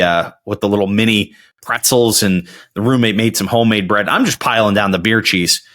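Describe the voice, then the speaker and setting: A man's voice: lowish voice, fairly bright tone. A young man hosting his own show, chatting casually and telling rambling stories with frequent restarts. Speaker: podcast host. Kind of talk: casual solo chat.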